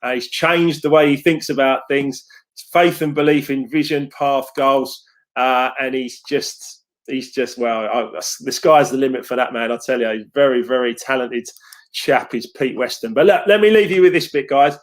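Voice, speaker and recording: A man's voice: mid-range voice, normal speed. A man, a success coach talking casually on a live stream, reading out viewer comments and calling people mate. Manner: upbeat, chatty, calls viewers mate.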